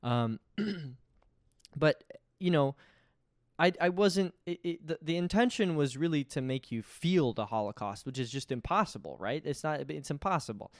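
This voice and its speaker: A man in his twenties tells stories in a loose, rambling way, stumbling over restarts and then jumping up in pitch with animated emphasis. His voice sits a little high for a man and sounds smooth and clear. The recording is dry and close. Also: normal speed, no echo. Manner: rambling, self-interrupting, animated storytelling. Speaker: podcast host. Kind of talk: casual comedic monologue.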